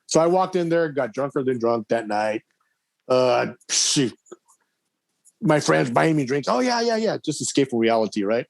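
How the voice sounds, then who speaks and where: A man in his thirties tells a personal story on a podcast, talking casually at a middle pitch. He is animated and often acts out the voices of the people in his story. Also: unhurried, vocal fry, no room sound. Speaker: podcast guest, adoptee.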